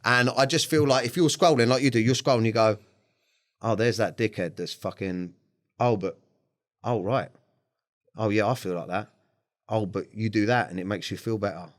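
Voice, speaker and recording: Man, 30s, podcast guest; very deep voice, dry close sound, blunt and sweary with halting restarts. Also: steady tone, no room sound. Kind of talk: candid interview talk.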